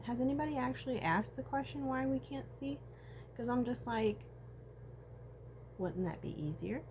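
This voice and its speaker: A woman's voice: high-pitched, normal speed, slight background noise. A woman, talking in a casual, profane personal monologue. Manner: casual, profane, animated storytelling with frequent laughs.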